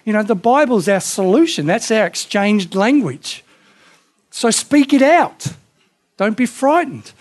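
A man pastor preaching a sermon with impassioned emphasis, rising to loud peaks and dropping to hushed, quiet lines. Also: high voice.

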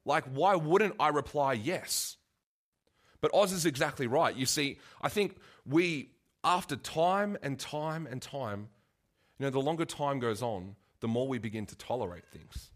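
A man's voice: medium pitch, animated, moderate pace. A man preaching a casual, conversational sermon, full of asides and restarts.

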